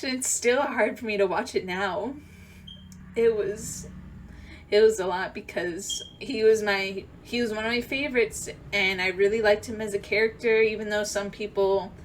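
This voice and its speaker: A young woman telling a rambling, emotional story-time vlog, full of fillers and restarts, swinging from loud excited outbursts to quiet near-tearful talk. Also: medium pitch, slight background noise. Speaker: vlogger.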